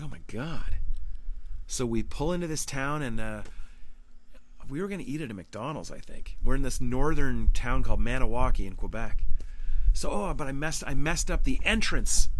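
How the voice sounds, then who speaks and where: A man from Canada, hosting a podcast, telling a personal story in a casual, animated way, laughing often and acting out the voices he quotes. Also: fairly high pitch, slight background noise, low-quality recording. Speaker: podcast host. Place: lakeside cottage.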